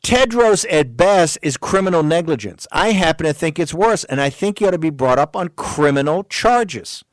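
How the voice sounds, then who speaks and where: A man's voice: fairly high pitch, animated, fairly quick, dry recording. A man hosting a political talk radio show, delivering an emphatic, fiery rant.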